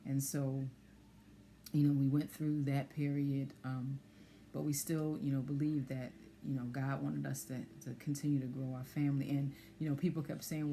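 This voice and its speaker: A woman sharing a personal testimony in conversation, soft-spoken and hesitant with many fillers. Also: very deep voice, little pitch movement, moderate pace, a little hiss or hum. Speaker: guest sharing pregnancy loss story.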